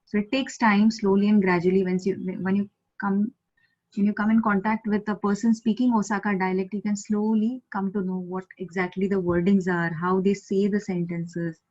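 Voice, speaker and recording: Indian woman, patient teacher, mid pitch, repeats each word slowly, video call audio a bit dull. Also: little pitch movement, a little mellow. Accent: Indian English. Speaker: Japanese language teacher. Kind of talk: online language lesson.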